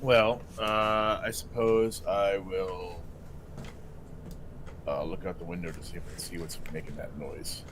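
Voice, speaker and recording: A man's voice: sits low, fairly even intonation, unhurried, fairly bright tone, a little hiss or hum. A man playing a tabletop game, thinking aloud in a hesitant, casual way. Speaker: player.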